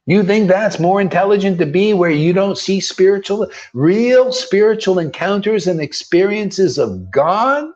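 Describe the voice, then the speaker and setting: Male spiritual teacher, fairly high voice, preaches off the cuff with a combative edge and slangy rhetorical jabs; muffled lo-fi recording. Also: animated, a little slow, hardly any pauses, a little mellow. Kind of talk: informal preaching. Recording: dull lo-fi recording.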